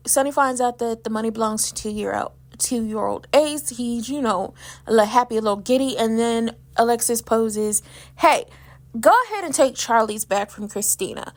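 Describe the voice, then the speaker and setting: A woman hosting a casual soap opera recap, chatty and sassy, acting out the characters' lines in her own voice. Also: a little high.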